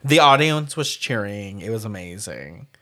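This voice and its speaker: A man chatting on a podcast, his voice swinging up and down as he acts out scenes from a movie he loved. He swears casually and talks with lively enthusiasm. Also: lowish voice, normal speed. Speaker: podcast co-host. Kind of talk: casual chat reviewing a film.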